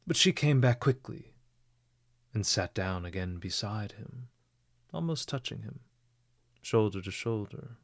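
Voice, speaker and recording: A male audiobook narrator with a low-pitched voice reads a novel in a measured, expressive way. He takes his time over each phrase, and the recording is close and dry. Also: no echo.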